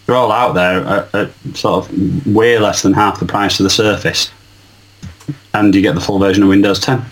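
A man with a low voice offers plain, matter-of-fact advice in a relaxed tech chat. He lists options steadily. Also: moderate pace, poor audio.

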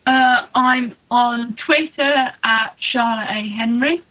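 A woman on a podcast panel, brisk and matter-of-fact. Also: a little high. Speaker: podcast panelist, tech writer. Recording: phone-like line.

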